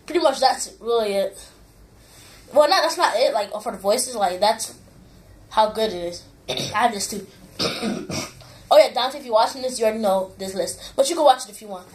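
A woman's voice: a little high, animated, moderate pace, pauses often. A woman chatting casually on her vlog, rambling, apologetic and giggly. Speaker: gaming channel youtuber.

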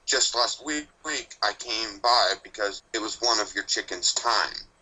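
A man's voice: lowish voice, a little slow, bright, forceful tone, slightly rough, heavily acted, rough recording. A man voicing a grumpy, ancient male Grim Reaper pony, speaking bluntly with dry sarcasm in a fan story reading. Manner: blunt, snappish, dryly sardonic.

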